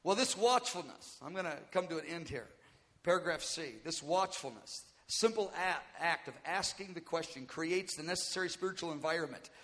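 A man's voice: fairly high pitch, expressive, normal speed, fairly bright tone. A man preaching a teaching sermon, earnest and exhorting, repeating his points. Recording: long hall reverb.

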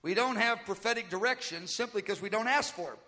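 A man's voice: sits high, fairly quick, bright, forceful tone. A man preaching a teaching sermon, earnest and exhorting, repeating his points. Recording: long hall reverb.

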